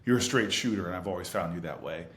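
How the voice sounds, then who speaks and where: A man, a senator and interview guest, telling a lively anecdote with laughter and vivid scene-setting. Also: sits low, quick pace, roomy sound. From United States. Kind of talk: animated anecdotal storytelling.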